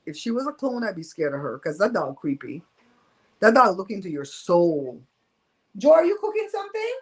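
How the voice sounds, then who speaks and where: A woman's voice: lowish voice, big pitch swings, moderate pace, breathy edge, low-quality recording. A woman hosting a casual live-stream storytime from home, talking in a candid, emphatic and gossipy way. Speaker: host of a live show.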